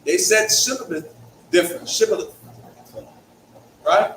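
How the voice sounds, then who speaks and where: This young adult man from Hartford speaks with a Connecticut accent in a high, fairly bright voice, a little slowly. He leads a Bible study conversationally, often checking in with "right?", recorded in an echoey room with a distant mic and faint hiss.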